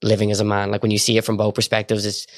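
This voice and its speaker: Fast-talking gravelly Irish young man. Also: on the low side, completely flat delivery, dry recording, studio quality. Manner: rapid, filler-heavy storytelling full of quoted dialogue. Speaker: guest. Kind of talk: casual storytelling.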